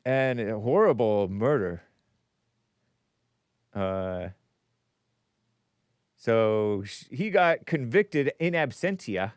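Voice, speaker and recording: Male call-in host, mid-pitch, smooth resonant voice, dry close sound, rambling and self-interrupting. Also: animated, extremely slow, long pauses, dry recording. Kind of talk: casual radio call-in talk.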